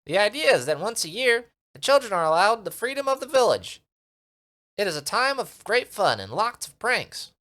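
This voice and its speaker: A man voicing a tiny, excitable male creature in a gamebook, speaking high and quick. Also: exaggerated voice. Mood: chirpy. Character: tiny chirpy male Minimite creature, impatient.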